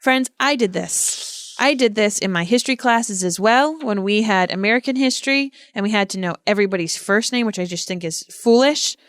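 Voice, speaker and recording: A woman co-hosting a podcast in casual, animated chat, expressive and quick to react. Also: medium pitch, dry recording, studio quality. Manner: animated and expressive, reads passages aloud. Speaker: podcast co-host.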